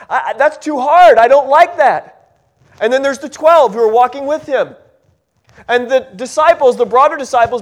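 A male pastor with a high voice delivers a sermon. He speaks earnestly, circling back over his phrases and restarting sentences as he presses his point.

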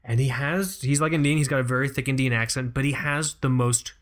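A young man from the United States hosting a podcast, telling stories in a loose, profane, animated way with frequent laughs. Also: medium pitch, brisk. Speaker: podcast host. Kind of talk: casual chat.

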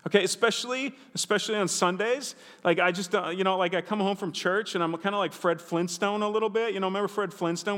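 A man's voice: sits high, fairly bright tone. A man preaching a sermon in a chatty, conversational way with asides to the congregation. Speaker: pastor. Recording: reverberant hall.

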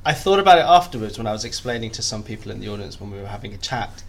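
Low gravelly young man, chatty. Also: animated, racing. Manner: chatty, self-deprecating, many restarts. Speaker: podcast guest. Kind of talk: casual interview chat.

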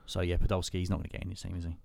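Low-voiced man hosting football chat. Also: completely flat delivery, rapid-fire, vocal fry, darkish tone, dry recording. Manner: jokey, leads the rounds. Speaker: podcast host.

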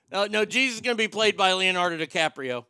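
A man's voice: high voice, expressive, quick pace, bright, forceful tone, clear, resonant tone, no echo, clean studio sound. A man hosting a talk show, riffing in casual, irreverent, joking banter.

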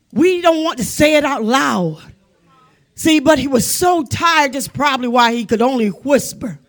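A woman preaching a sermon with fervent emphasis, building to loud exclamations and sometimes dropping to a hush. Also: sits high, expressive, normal speed. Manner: drops to hushed tones for dramatic effect.

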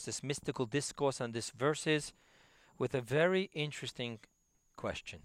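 A man teaching a Torah class, emphatic and repetitive, dropping to quiet asides. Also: mid-range voice, no room sound, clean studio sound. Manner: emphatic, repeats key phrases, drops to quiet asides.

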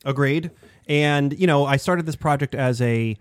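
A middle-aged man hosts a casual podcast, rambling and poking fun at himself. His voice sits at a medium pitch and sounds close and dry, with nothing around it. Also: unhurried, clean tone, no room sound. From Pittsburgh area, USA. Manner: rambling, self-deprecating, trails off with fillers. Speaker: podcast host.

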